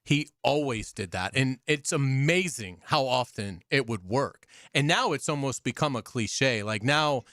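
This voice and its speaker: A man's voice: mid-range voice, lively intonation, unhurried, few pauses, fairly bright tone, no room sound, clean studio sound. A man co-hosting sports talk radio who agrees with the host and adds his own point about football strategy.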